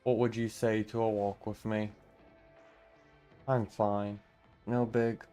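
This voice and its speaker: A man reading every part of a game story aloud in a steady, mostly plain voice, breaking off now and then for casual asides. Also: fairly low pitch, slow, long pauses, soft background music.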